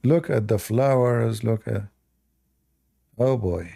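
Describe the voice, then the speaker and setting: A man's voice: medium pitch, slow pace, creaky, warm tone. A man with a non-native English accent hosting a livestream and giving sarcastic, mocking commentary. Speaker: livestream debate host.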